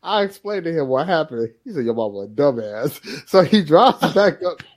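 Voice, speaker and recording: In a laid-back podcast chat, a male co-host recounts something from his childhood at a normal speed. His voice is fairly high, and he brings the tale to life by performing the voices of everyone in it.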